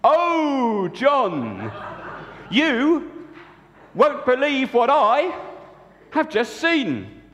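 A male preacher voicing an excited woman in a Bible story, calling out in long, drawn-out exclamations in an echoey church. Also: high-pitched, voice pushed up, heavily acted. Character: excited young woman bursting with news.

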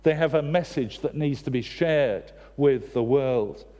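A man's voice: medium pitch, measured pace, mellow. A man preaching a sermon, earnest and direct, with wry humorous asides. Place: church. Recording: long church reverb.

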